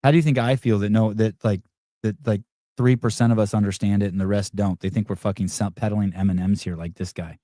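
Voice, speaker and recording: A man with a lowish, steady, mellow voice hosts a podcast, talking fairly quickly in a casual way as he reacts to viewer comments. He is blunt, profane, and rambling, often interrupting himself. The studio-quality audio has no room sound.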